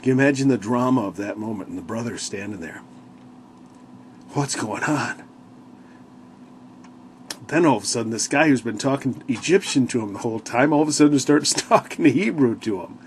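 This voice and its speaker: A man's voice: mid-range voice, normal speed, pauses often, slight background noise. A man sharing casual, rambling thoughts on a Bible chapter, filling with "you know" and acting out the quoted lines with sudden bursts. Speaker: Bible study speaker.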